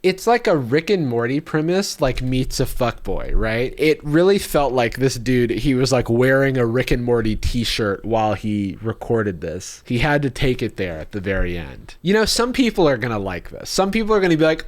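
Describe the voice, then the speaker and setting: A man's voice: mid-range voice, moderate pace, few pauses. Wry man reacting to clips. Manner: wry, animated, mocking quotes. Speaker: YouTube host. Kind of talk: casual reaction commentary.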